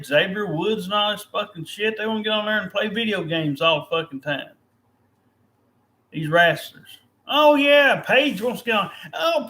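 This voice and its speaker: A man with a high, bright and forceful voice rants angrily, cursing in nearly every line. He sounds tired and fed up, and he talks in a loose, casual way. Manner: angry, profane ranting. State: weary and fed up. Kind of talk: casual rant.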